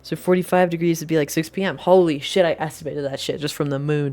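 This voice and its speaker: Blunt young woman streamer, low voice. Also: fairly even intonation, fast talker, warm tone. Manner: blunt, joking, swears casually. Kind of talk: casual gameplay commentary.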